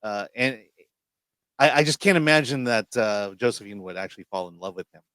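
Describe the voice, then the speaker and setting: A man co-hosting a film review show, giving measured, skeptical opinions in casual chat. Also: on the low side, lively intonation, a bit bright, no room sound.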